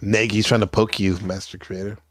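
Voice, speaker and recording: A man's voice: lowish voice, flat delivery, brisk, no room sound. A man hosting a casual panel show, teasing his guests with loose, profane banter. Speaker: host.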